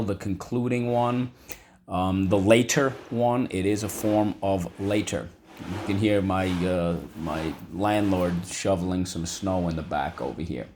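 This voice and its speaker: A man teaching a vocabulary lesson from home, repeating words slowly for students to echo. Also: lowish voice, slight background noise. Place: home room.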